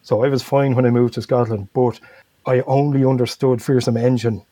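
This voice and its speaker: A man rambles through a relaxed podcast chat, restarting his sentences and chuckling as he goes. His voice is mellow and a little husky. The sound is dry and close. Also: mid-range voice, normal speed, dry recording. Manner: rambling, self-correcting, chuckles often. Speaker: podcast guest.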